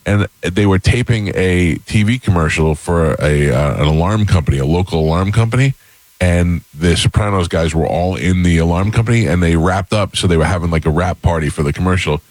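Deep-voiced man telling stories. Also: a little fast, no room sound, low-quality recording. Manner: animated anecdotes, acting out others' voices. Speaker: podcast host. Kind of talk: casual storytelling chat.

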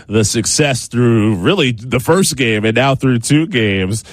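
A man's voice: mid-range voice, animated, a little slow, dry recording. Dry-sounding male sports news anchor. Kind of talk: scripted news reading.

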